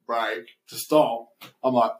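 A man's voice: medium pitch, fairly even intonation, slow pace. A young Australian man in casual chat, rambling through a story, swearing freely and laughing as he mimics others. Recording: roomy echo.

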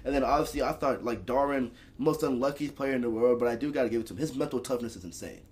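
A man's voice: medium pitch, quick pace. A young man, co-hosting a casual sports podcast, arguing animatedly and stumbling over his words. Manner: animated and argumentative, with many restarts. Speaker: podcast co-host.

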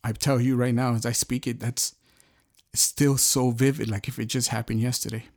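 A middle-aged man giving an earnest, halting personal testimony, often searching for words. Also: mid-range voice, little pitch movement. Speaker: storyteller sharing a personal testimony.

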